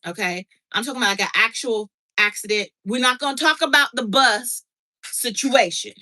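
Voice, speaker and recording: Bright-voiced woman telling a lively story. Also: a little high, normal speed, poor audio. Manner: animated, reenacts dialogue, frequent "okay?" check-ins. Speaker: podcast host. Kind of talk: casual storytelling chat.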